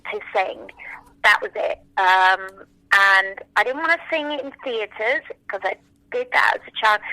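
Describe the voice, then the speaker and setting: A woman in her forties whose first language is French, telling stories as an interview guest in an animated, enthusiastic way, often acting out what people said. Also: on the high side, no room sound, rough recording. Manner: animated, enthusiastic, acts out quotes. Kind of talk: casual interview storytelling.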